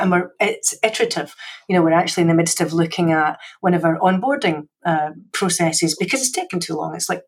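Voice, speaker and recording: A woman's voice: fairly low pitch, quick pace, breathy edge. A woman with a Scottish accent, a security executive talking as a podcast guest in a chatty, self-deprecating way with frequent restarts, heard over a video call from her home library. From Scotland. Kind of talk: casual podcast conversation.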